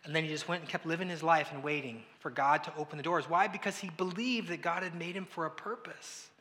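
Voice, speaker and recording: A man delivers a sermon in a bright, forceful voice pitched a little high. He talks it through casually and acts out quoted speakers, swinging between loud and hushed. A long reverb rings around him in a large hall. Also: fast. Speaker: pastor.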